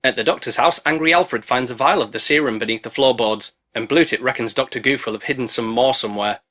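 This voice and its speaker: A man's voice: mid-range voice, fast, pushed and bright. A man narrating a comedic movie recap, sarcastic and mocking, swearing freely.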